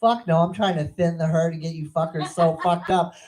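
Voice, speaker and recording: A woman's voice: fairly low pitch, steady tone, a little fast, darkish tone, poor audio. A middle-aged woman performing a crude, profane stand-up routine on a comedy club stage. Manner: crude, profane, brash storytelling.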